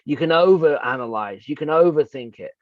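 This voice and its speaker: A man's voice: on the high side, animated, brisk, no room sound, narrow, tinny audio. A man co-hosting a coaching talk, explaining earnestly with examples and rhetorical questions. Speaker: real estate coach and co-host.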